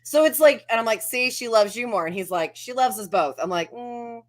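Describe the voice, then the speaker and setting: A woman's voice: a little high, lively intonation, a little fast. A woman chatting casually over a video call, telling stories and acting out what others say. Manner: chatty storyteller who acts out quotes. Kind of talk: casual chat.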